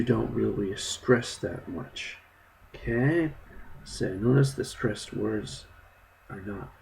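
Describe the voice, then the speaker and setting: A low-voiced male English teacher talks through a recorded textbook lesson at an unhurried pace. His voice has a gravelly rasp, and he explains each step patiently, often letting the ends of his sentences fade. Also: very animated, slight background noise, low-quality recording. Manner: slow, step-by-step, trailing off softly.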